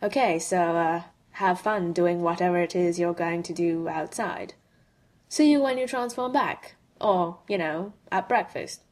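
A woman's voice: lowish voice, close to an everyday voice. A woman doing a brash, sarcastic man. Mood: exasperated. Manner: quick, exasperated banter.

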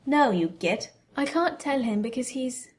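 A woman's voice: high voice, expressive, a little slow. A woman voicing a fierce, blunt teenage witch girl who speaks in a snappish, contemptuous way. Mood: subdued.

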